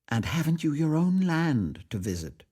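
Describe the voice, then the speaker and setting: Brief: man voicing young woman, earnest, needling, raised pitch, story reading. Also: big pitch swings, moderate pace, mellow, slightly rough, heavily acted. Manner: pointed, needling questions. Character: earnest, probing young Irish nationalist woman. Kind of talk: audiobook reading.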